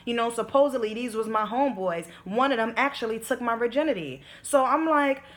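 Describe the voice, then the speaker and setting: A woman's voice: a little high, brisk, a bit bright. A young woman telling a storytime vlog in casual, emphatic slang full of fillers. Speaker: vlogger.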